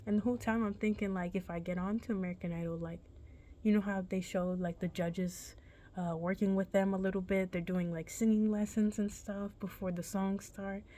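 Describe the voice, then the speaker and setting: A woman's voice: medium pitch, fairly even intonation, a little fast, warm tone. A young woman vlogger casually telling a personal story, rambling and correcting herself in a laid-back, chatty way.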